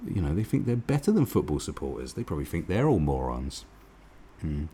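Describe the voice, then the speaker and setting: A man's voice: very deep voice, sing-song, brisk, warm tone, slightly rough. A man giving a profane, mocking commentary rant as host of his own channel. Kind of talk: ranting commentary.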